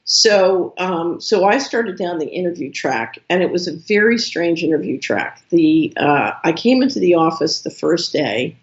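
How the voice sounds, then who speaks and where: A woman guest in an interview, telling a long story with lively, acted-out quoted dialogue. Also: on the low side, a little slow, few pauses, lo-fi sound. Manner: animated storyteller who acts out quoted dialogue.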